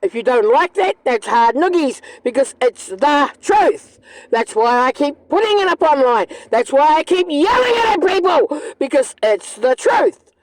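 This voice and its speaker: A woman's voice: high-pitched, big pitch swings, measured pace, no echo, rough recording. A woman, ranting angrily and bluntly in a monologue, swearing often. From New Zealand. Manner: angry, blunt, profane. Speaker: vlogger.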